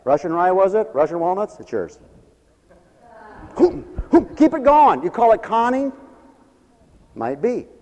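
An older man preaches in a high, expressive voice that swings widely as he tells folksy, joking stories. The sound carries a long reverb, as if from a large hall. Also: unhurried, long pauses. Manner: folksy, humorous storytelling with acted quotes. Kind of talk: sermon.

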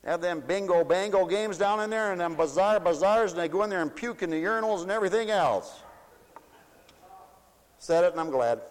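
A man preaching a fiery, folksy sermon. He swoops between loud declarations and mocking asides. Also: high-pitched, brisk. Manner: folksy, shouting and swooping, mocks voices. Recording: long hall reverb.

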